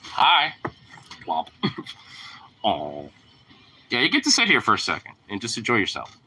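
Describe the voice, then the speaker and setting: A man's voice: mid-range voice, huge pitch swings, unhurried, long pauses, bright, forceful tone, slightly rough, poor audio. A young man talking casually to his dog, teasing it, laughing often and swearing freely. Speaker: vlogger.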